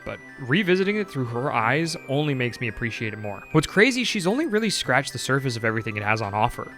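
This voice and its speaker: A man's voice: mid-range voice, a bit bright. A man narrating a video game playthrough as host in a scripted voice-over.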